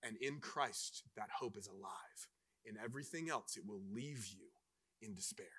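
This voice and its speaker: A man preaching a sermon with passion, swinging between hushed, intimate lines and loud emphatic ones. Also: on the low side, normal speed, slightly rough. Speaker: pastor.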